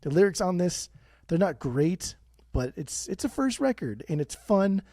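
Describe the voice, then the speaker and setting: A young man co-hosting a podcast in casual chat, animated and swearing often, with rants that jump high. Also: a little slow, dry recording, clean studio sound. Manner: animated, swears a lot, bursts of high-pitched ranting. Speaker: podcast co-host.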